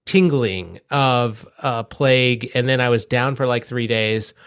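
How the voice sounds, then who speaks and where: A man's voice: mid-range voice, a little slow, fairly bright tone, smooth. A man co-hosting a podcast, congested from a cold, chatting casually with many restarts and laughs. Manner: rambling, self-correcting, laughs often. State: stuffy, congested. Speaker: podcast co-host. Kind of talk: casual chat. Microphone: remote recording, sound slightly off.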